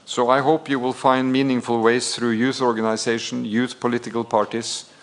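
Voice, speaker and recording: A man from Norway, answering at a press conference as head of government in a measured, step-by-step way. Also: medium pitch, flat delivery. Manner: measured, deliberate, builds points in steps.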